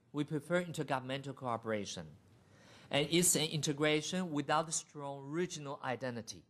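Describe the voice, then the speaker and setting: A middle-aged man giving a university lecture in a deliberate manner, laying out his points as lists. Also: a little high, fairly bright tone. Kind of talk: academic lecture.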